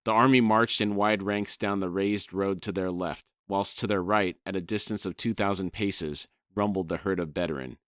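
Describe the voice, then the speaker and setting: A man with a fairly low voice reads a fantasy novel aloud in a measured pace, breaking off to chat about it. The recording is dry and close, with no room sound. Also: fairly even intonation, fairly bright tone, no room sound. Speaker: podcast co-host and reader. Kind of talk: reading a novel aloud and discussing it.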